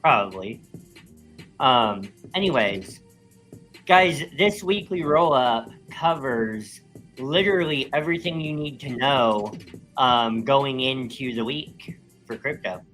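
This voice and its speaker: A man's voice: medium pitch, lively intonation, slow, a bit bright, soft background music, rough recording. A man co-hosting a live crypto show, reading a sponsor roll-up in an easygoing way with many filler ums. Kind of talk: casual chat and ad read.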